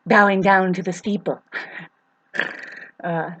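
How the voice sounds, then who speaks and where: A woman's voice: medium pitch, fairly even intonation, takes it slowly, a bit bright, highs cut off. A woman in a rambling, profane monologue, half-rhyming and sarcastic, with many ums.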